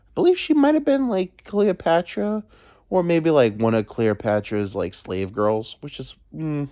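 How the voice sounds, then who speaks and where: A man's voice: on the high side, expressive, unhurried, mellow, no room sound, studio quality. A man hosting a solo podcast from home, rambling crudely with joking asides. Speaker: podcast host. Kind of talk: casual solo monologue. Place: alone at home.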